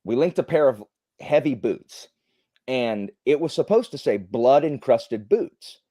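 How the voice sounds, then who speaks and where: A man's voice: medium pitch, a little slow, no echo, clean studio sound. A young adult man hosting a livestream, telling stories in a casual, rambling way with lots of fillers. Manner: rambling, animated storytelling with many fillers. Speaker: livestream host. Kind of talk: casual chat.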